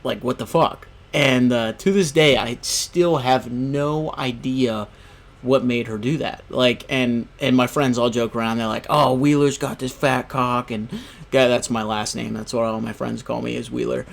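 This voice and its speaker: A man's voice: mid-range voice, steady tone, normal speed, vocal fry. A young man hosting a gaming video, telling a story in a casual, rambling way, full of "you know" and "right?". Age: young adult.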